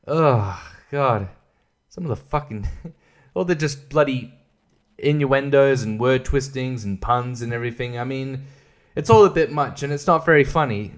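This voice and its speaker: A man's voice: medium pitch, lively intonation, measured pace, pauses often. A man giving a casual, sweary, sarcastic album review, often laughing at his own jokes. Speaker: music reviewer.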